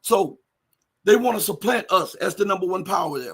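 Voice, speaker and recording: A man hosting a livestream, reading viewer chat and commenting emphatically, firing rhetorical questions and building up to shouting. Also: high voice, expressive, moderate pace, breathy edge. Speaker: livestream host.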